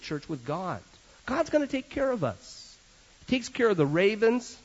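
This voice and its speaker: A pastor preaching, his voice sitting high and leaping up and down as he tells his stories. He mixes the message with joking asides. The recording of the sermon is dull and lo-fi. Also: normal speed. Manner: animated storyteller with joking asides.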